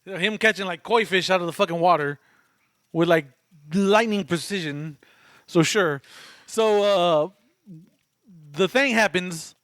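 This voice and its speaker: A man's voice: high voice, measured pace, pauses often, a bit bright, no room sound, clean studio sound. A man co-hosting a podcast, recapping a film casually, joking, swearing and quoting characters. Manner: profane, joking, quotes characters in funny voices. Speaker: podcast co-host.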